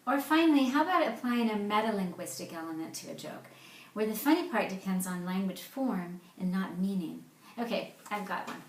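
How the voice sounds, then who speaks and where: A woman giving an explanatory presentation as a therapist, reading jokes aloud with lively, playful emphasis. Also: medium pitch, normal speed, roomy sound.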